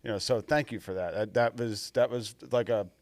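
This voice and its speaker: A man with a fairly low voice co-hosting a podcast. He speaks earnestly and often repeats words as he restarts. The sound is dry, with no echo. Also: normal speed, a little mellow. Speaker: podcast co-host, golfer. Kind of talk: casual podcast chat.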